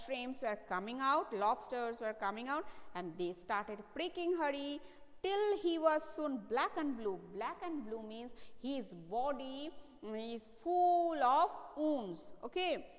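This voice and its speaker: A woman's voice: high-pitched, big-room sound. A woman teaching a primary school English class, with an Indian English accent, who reads a story aloud and then explains it in simple words, asking the class questions. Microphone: live online class.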